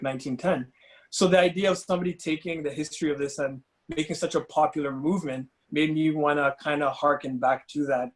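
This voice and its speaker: A man, an artist, talking casually on an online panel, relaxed and searching for words. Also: fairly high pitch, poor audio. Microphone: video call.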